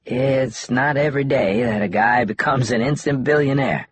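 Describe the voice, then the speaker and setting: A man voicing a wry, easygoing young man in an audiobook, in a husky, laid-back joking manner. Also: mid-range voice, moderate pace, no room sound, pitched above the performer's own voice, lightly acted. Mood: relaxed, wry. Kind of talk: audiobook dialogue.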